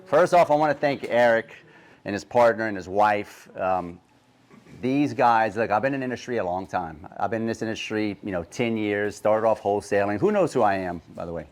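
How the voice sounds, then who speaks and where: A man with a deep Southern accent giving a brash, profane seminar talk, throwing rhetorical questions at a live audience. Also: expressive, brisk. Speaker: guest speaker. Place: conference room with live audience.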